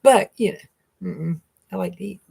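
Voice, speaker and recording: Gravelly-voiced woman rambling. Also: medium pitch, a little slow, dark tone. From North Carolina, US. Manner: rambling, chatty, laughs often. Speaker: keto vlogger. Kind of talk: casual live-stream chat.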